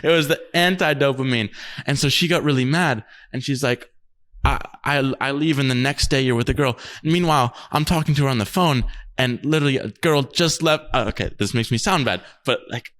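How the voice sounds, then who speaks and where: A man's voice: medium pitch, fairly quick, a bit bright. A young man co-hosting a podcast, telling a rambling story in casual chat, laughing often and swearing freely. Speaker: podcast co-host.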